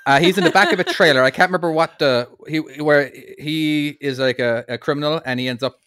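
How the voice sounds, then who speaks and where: A man's voice: on the high side, brisk, a bit bright, clear, resonant tone, dry recording. A man co-hosting a casual podcast, asking questions in a hesitant way and restarting his sentences.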